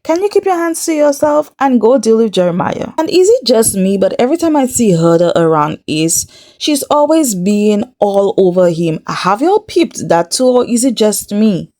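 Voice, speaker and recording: A woman's voice: on the high side, big pitch swings, normal speed, dark tone. A woman hosting a reality TV recap vlog, chatty and sassy, talking straight to her viewers and scolding the cast. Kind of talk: casual recap commentary to camera.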